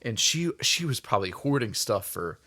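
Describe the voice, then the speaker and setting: A man on a podcast telling a story in an animated, casual way, swearing freely. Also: fairly low pitch, moderate pace. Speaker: podcast co-host.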